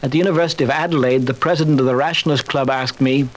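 An older man, a chaplain, giving a measured talk on faith with dry humor and personal stories. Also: medium pitch, fairly even intonation, poor audio. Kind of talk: recorded talk on faith, told through anecdotes.

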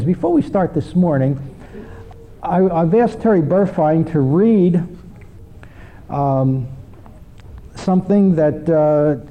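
A man teaching a church class in a measured, explanatory sermon style. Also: on the high side, phone-quality sound. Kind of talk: sermon lecture.

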